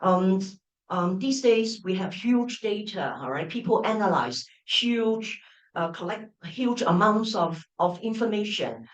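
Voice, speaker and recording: Recorded from a distance with lo-fi sound in an echoey lecture room, a middle-aged university professor delivers an open-day lecture. She has a medium pitch, lively intonation and a measured pace, frequently restarting phrases and asking her listeners "right?" and "all right?".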